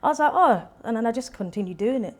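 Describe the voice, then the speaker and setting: A young woman, a singer-songwriter, chatting as a guest in an interview and telling stories with lively quoted voices. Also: on the high side, fast. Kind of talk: casual interview chat.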